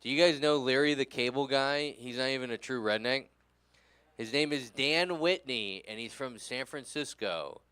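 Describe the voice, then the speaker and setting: Man, stand-up comedian, from California, tired and tipsy, rambling, crude, smooth voice, dry close mic. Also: mid-range voice, normal speed, fairly bright tone, dry recording. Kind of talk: stand-up set.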